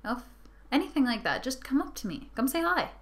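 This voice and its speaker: Her voice is high-pitched and quick, with big swings in pitch. Sitting in her bedroom, this young vlogger is tired from not sleeping and rants casually at the camera, rambling with giggles and sarcastic remarks.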